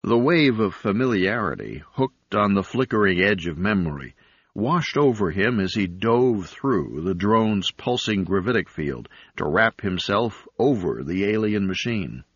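A man narrating an audiobook in a measured, even reading. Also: lowish voice, husky, no room sound. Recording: dull, dry lo-fi recording.

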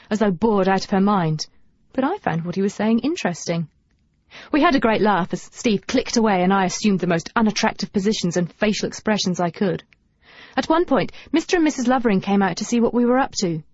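A woman narrating a novel in the first person, with a lively and wry comic touch. Her voice sits in a middle pitch. The recording is dry and slightly dull. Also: brisk, no room sound. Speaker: audiobook narrator.

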